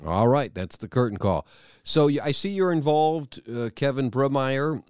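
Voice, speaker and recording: A man's voice: medium pitch, lively intonation, moderate pace, a little mellow, clean tone, no echo, clean studio sound. A middle-aged man hosting a local radio interview, chatty and plugging event details. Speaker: radio host.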